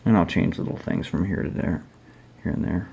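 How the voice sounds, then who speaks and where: Low, gravelly-voiced card artist. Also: male voice, a little fast, warm tone, highs cut off, slight background noise. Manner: rambling, self-critical, thinking aloud. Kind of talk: casual show-and-tell.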